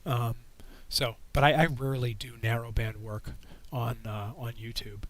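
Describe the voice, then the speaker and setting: A man hosting a casual livestream with a frog in his throat. He talks in a relaxed, rambling way and answers viewers' questions with a microphone right at his mouth. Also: medium pitch, moderate pace, poor audio. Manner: relaxed, rambling, reading chat questions aloud. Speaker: astronomy livestream host. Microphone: microphone held right in front of his mouth.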